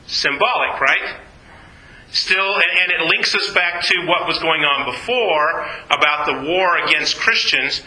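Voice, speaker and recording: A man's voice: a little high, unhurried, bright, forceful tone, reverberant, low-quality recording. A man teaching an informal Bible study to a class, asking questions and then answering them himself.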